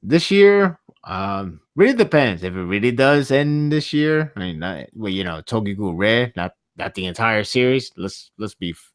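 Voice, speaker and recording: A man hosting a casual podcast chat, animated, laughing often and swearing casually. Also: fairly low pitch, normal speed. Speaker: podcast host.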